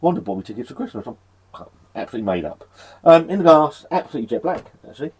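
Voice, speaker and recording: A man's voice: a little high, sing-song, racing, darkish tone, slightly rough. A man from England casually reviewing a beer in a cold shed, chatty and sweary, rambling with self-deprecating laughs. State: shivering from the cold.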